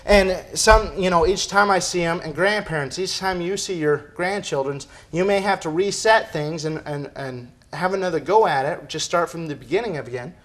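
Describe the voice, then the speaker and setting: A man's voice: sits high, fairly bright tone. A man preaching a sermon as pastor, emphatic and firing off rhetorical questions. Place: church.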